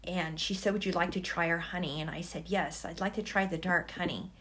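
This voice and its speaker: A woman telling a personal story slowly and reflectively in an interview, with feeling. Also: fairly low pitch, steady tone, a bit bright, slight background noise. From United States. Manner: slow, reflective, emotional. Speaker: guest.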